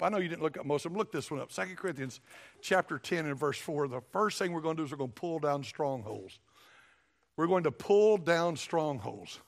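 Folksy preacher man, gravelly voice. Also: high-pitched, fairly bright tone. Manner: folksy, emphatic, repeats phrases. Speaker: pastor. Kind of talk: sermon.

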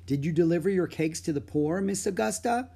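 A man's voice: high voice, expressive, brisk, dark tone, breathy edge, voice pushed up, full character voice. A man voicing a young housemaid. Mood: doubtful. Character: young red-haired housemaid, doubtful.

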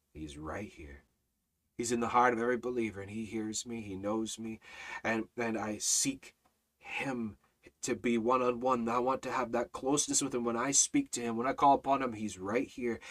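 A man leading a Bible study, earnest and repetitive, reading scripture slowly and sometimes dropping almost to a whisper. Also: a little high. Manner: earnest, repeats phrases, drops to a near whisper when speaking softly; quotes scripture slowly and emphatically. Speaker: Bible teacher.

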